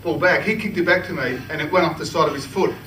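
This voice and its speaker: At a club meeting, this Australian speaker shares a humorous personal anecdote conversationally, breaking into laughter and starting sentences over again and again. He has a fairly high, pushed, bright voice and talks fast. It's captured far off in a spacious, noisy meeting room.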